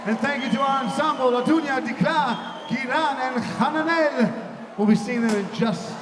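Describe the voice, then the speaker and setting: High-voiced man emceeing a roaring hall. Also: normal speed. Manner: energetic, shouting to the crowd, playful banter. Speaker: emcee of a large live event. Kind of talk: live stage hosting with crowd work. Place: large indoor hall with a big audience. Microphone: handheld microphone. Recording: echoey hall, mic heard from far off, music and crowd behind.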